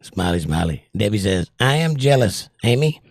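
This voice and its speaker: A man with a gravelly, creaky voice hosts a relaxed livestream chat, reading out comments and joking along. He sounds strained and winded as he talks. The sound is close and dry, with no room around it. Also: fairly low pitch, moderate pace, dry recording. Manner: reads viewer comments aloud and jokes back. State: short of breath, voice strained. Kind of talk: casual chat.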